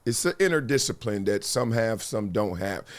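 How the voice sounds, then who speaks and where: Middle-aged guy hosting a talk show, slangy and animated, does little voices for quotes. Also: on the low side, normal speed. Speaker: podcast host. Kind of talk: casual talk-show commentary.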